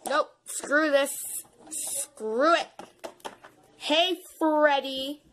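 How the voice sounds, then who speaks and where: Playful woman narrating toy play, high voice. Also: very slow, slight background noise. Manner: playful, dramatic, jumps between whispers and excited shrieks.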